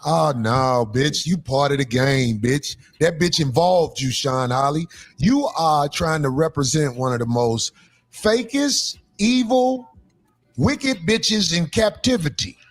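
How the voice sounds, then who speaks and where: A man ranting loudly and profanely in a sing-song way, talking with his podcast co-hosts. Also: on the high side, lively intonation, takes it slowly, soft background music. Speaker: comedian. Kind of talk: angry rant.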